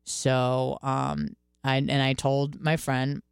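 A woman in her twenties hosting a radio podcast, telling candid stories in a casual, profane, animated way. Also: rumbling low, takes it slowly, gravelly, clear, resonant tone, no room sound, clean studio sound. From Michigan, US. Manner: candid, profane, animated storytelling with quoted self-talk. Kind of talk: casual monologue.

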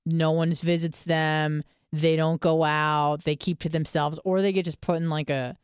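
A young woman from the States chats candidly on a podcast, dropping swear words and fillers as she goes. Her voice is smooth and clear, recorded close with no room sound. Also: deep voice, level tone, measured pace, dry recording. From United States. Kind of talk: casual podcast chat.

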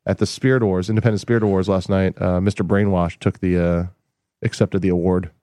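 A man's voice: sits low, level tone, fast, mellow, dry recording, studio quality. A man co-hosting a podcast, laid-back and wisecracking in casual chat. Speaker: podcast co-host.

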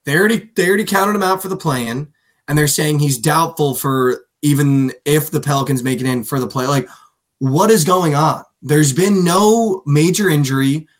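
Animated higher-voiced man talking sports. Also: moderate pace. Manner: animated, swears freely, mimics players. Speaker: podcast co-host. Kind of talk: casual sports chat.

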